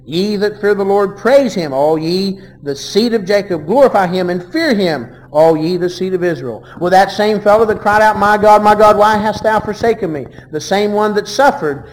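A man preaching a sermon, reading verses aloud and swinging between loud and hushed delivery. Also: sits high, long reverb tail.

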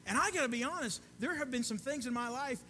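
A man preaching a sermon in an earnest, conversational way, often dropping to a soft hush. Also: extremely high pitch, expressive, fast, a little hiss or hum.

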